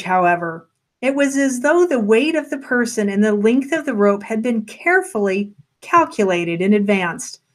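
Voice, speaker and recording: A woman narrating a story in a gentle, unhurried way. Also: a little high.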